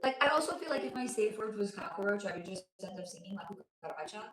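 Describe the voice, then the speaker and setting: A woman who lives in Los Angeles, a spiritual reader, hosts a casual home livestream, warmly chatting and reading viewer comments aloud despite a sore throat and fading voice. She sounds animated and quick in a mid-range voice, amid reverb and background noise.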